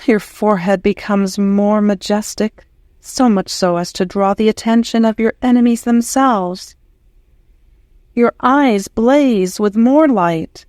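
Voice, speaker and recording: A woman reading a devotional text aloud in a prayerful, unhurried way. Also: mid-range voice, darkish tone, dry recording, clean studio sound. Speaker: audiobook reader.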